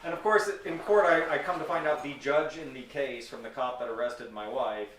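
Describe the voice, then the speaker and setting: A podcast host telling profane stories in casual chat with friends. He is animated and laughs often. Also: medium pitch, moderate pace, slight background noise. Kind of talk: casual storytelling among friends. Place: patio with friends. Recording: roomy sound, distant mic.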